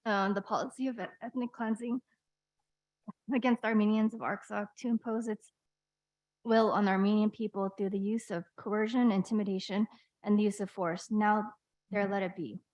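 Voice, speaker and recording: A woman trustee reading a resolution aloud at a board meeting, stumbling over words and clearing her throat often. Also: mid-range voice, steady tone, moderate pace, a little mellow, highs cut off.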